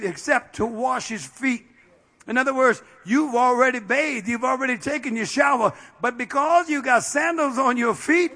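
A man preaching a sermon as a bishop, with fiery call-and-response delivery that breaks into shouts at its peaks. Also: very high voice. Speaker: bishop and pastor.

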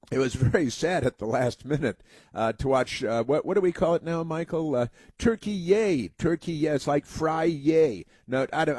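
Speaking from the United States, this male talk radio host meanders through his monologue with plenty of filler words, occasionally imitating people in mocking voices. The voice has a mildly mellow quality at a typical pitch, captured close-miked and completely dry, without any room ambience.

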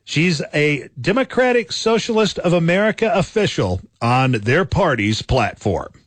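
A man's voice: a little high, big pitch swings, measured pace, dry recording. A man hosting a radio countdown show, announcing the next entries in a punchy announcer manner.

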